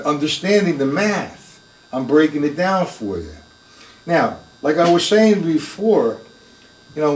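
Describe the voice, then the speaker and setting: A man's voice: fairly high pitch, darkish tone. An older man giving a live drum lesson, chatting casually, calling viewers by name and counting beats aloud. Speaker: drum teacher. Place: room with drum kit. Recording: echoey room, from a distance, with music.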